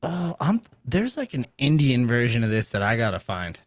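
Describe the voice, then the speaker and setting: A man's voice: mid-range voice, wildly swooping pitch, normal speed, dry recording. Teasing, out-of-breath male co-host, dry mic. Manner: joking, teasing, swears casually. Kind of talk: casual livestream chat.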